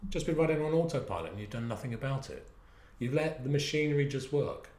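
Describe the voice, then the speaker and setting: A man's voice: mid-range voice, reverberant, heavy background noise. A man leading listeners through a stress management exercise, coaxing and drawing out words. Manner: animated, coaxing, drawn-out words. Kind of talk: guided exercise instruction.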